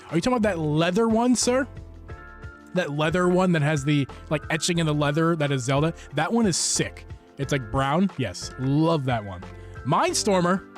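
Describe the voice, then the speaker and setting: A man hosting a casual live stream about game accessories, rambling and interrupting himself, with enthusiastic shout-outs to viewers. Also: on the high side. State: hot and sweaty. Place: room at home. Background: background music.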